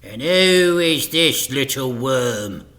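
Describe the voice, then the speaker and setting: A man's voice: a little high, very animated, slow pace, pushed and bright, voice pushed up, exaggerated voice. A man voicing a short, boastful male crime boss who snarls and smirks. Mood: mocking.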